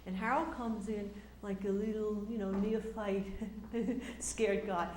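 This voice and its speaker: An older woman telling stories in a casual, animated way, acting out quotes with lots of fillers and restarts. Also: medium pitch, slow, reverberant, a little hiss or hum. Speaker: speaker recounting memories. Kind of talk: casual storytelling talk.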